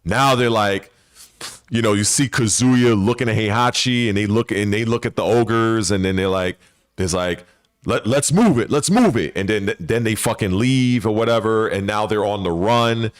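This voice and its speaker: Male gaming host, lowish voice, dry close sound, loose and profane speculative riffing. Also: steady tone, moderate pace, clean tone, no echo. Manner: rambling and profane, with frequent restarts. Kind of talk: casual speculative commentary.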